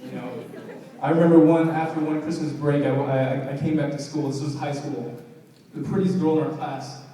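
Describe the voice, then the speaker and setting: A young man performing conversational, self-deprecating stand-up comedy with halting fillers at a live show. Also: on the high side, steady tone, dark tone. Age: young adult. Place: large hall, live show. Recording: echoey hall from far off.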